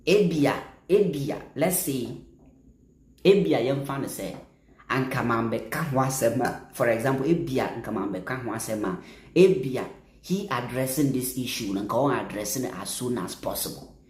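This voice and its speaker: A man with a Ghanaian accent giving impassioned political commentary, emphatic, repeating phrases and bursting into louder stretches. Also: mid-range voice, normal speed, reverberant. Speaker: social media commentator.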